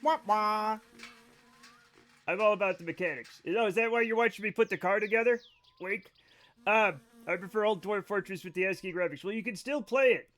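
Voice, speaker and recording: High-voiced tipsy man chatting with viewers. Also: fast, fairly bright tone. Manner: blunt, profane, opinionated. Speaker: streamer. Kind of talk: casual chat with stream viewers.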